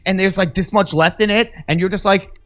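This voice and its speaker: A man's voice: high voice, steady tone, brisk, fairly bright tone, soft background music. A young man co-hosting a casual podcast chat, talking candidly and swearing, often acting out what other people said. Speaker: podcast co-host.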